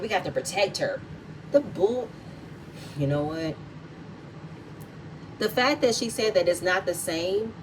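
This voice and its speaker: A woman's voice: on the low side, distant mic, a little hiss or hum, poor audio. A woman hosting a reality TV recap vlog, giving blunt, heated and profanity-laced commentary.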